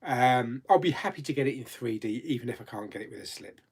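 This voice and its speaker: A man's voice: medium pitch, expressive, fast, slightly rough. A man hosting a live chat stream, casually reading out viewer questions and answering them with frequent laughs. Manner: chatty, laughs often, reads viewer comments aloud.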